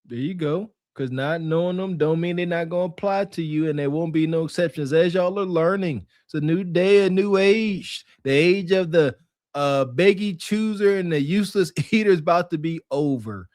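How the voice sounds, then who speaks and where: Guy with a high voice cracking jokes on a podcast, dry close sound. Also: moderate pace, darkish tone, no echo. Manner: laughs often, mocking reaction. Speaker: podcast co-host. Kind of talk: casual commentary.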